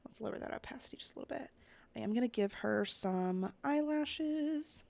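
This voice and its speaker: Here the Sims creator sounds a little high and expressive, with a creaky, darkish tone at normal speed. She keeps up a casual, chatty running commentary while designing characters, thinking aloud and turning to her viewers often.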